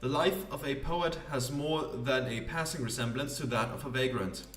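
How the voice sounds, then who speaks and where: A man's voice: mid-range voice, moderate pace, fairly bright tone, echoey room, far from the mic, faint music behind, lightly acted. A man voicing a pompous, flamboyant vagrant poet with grand, theatrical phrasing. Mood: lofty.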